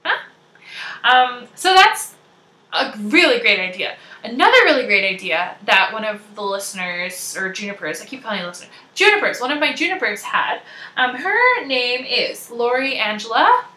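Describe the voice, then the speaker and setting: Bubbly young Canadian woman, podcast host, high bright voice, echoey room. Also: big pitch swings, normal speed. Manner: bubbly, chatty, giggly. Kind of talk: casual chat.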